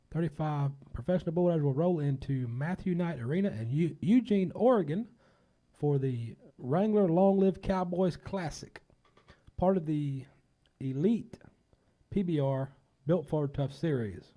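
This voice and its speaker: A man's voice: on the high side, expressive, moderate pace, dark tone. A man hosting a casual talk show, folksy and rambling, a bit under the weather.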